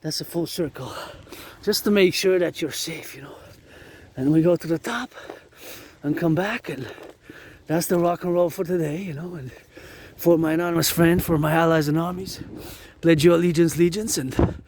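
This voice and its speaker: Climbing a mountain outdoors in the rain, a man vlogs in a rambling, repetitive way, breaking into chants in bursts. He speaks at normal speed in a slightly high, slightly mellow voice, with a little hiss or hum on the recording.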